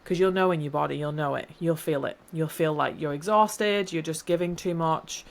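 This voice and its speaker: Encouraging woman host, slightly low voice. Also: normal speed, vocal fry. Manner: rambling, encouraging, self-correcting. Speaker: podcast host. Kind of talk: reflective solo podcast talk.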